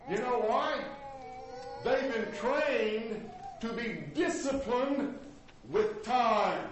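A male pastor preaching a sermon, swinging from loud highs to low murmurs. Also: very slow. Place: church sanctuary. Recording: echoey hall with faint noise.

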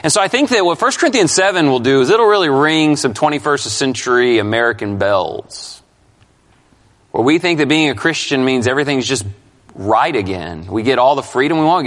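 A man's voice: on the high side, lively intonation, a little fast. A male pastor preaching an expository sermon, emphatic and questioning his congregation. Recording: long hall reverb.

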